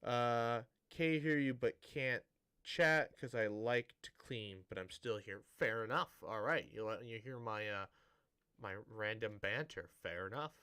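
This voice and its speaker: A man's voice: mid-range voice, measured pace, bright, forceful tone, clean tone. A man streaming a building game, chatting casually to viewers in a rambling, self-interrupting way with a dry, sarcastic-sounding tone.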